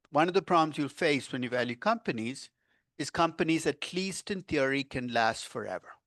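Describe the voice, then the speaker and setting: An older man delivers a university finance lecture in an energetic, conversational way. He tosses questions at his students and leans hard on key words. His voice is mid-pitched and sounds dry and close to the mic. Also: no echo. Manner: animated, asks the class questions, stresses key words. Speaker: finance professor. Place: lecture room.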